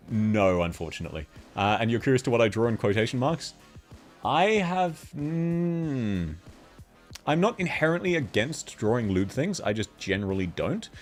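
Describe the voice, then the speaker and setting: A man from Australia with an Australian accent, chatting casually on a live stream, laughing often as he answers chat. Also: fairly low pitch.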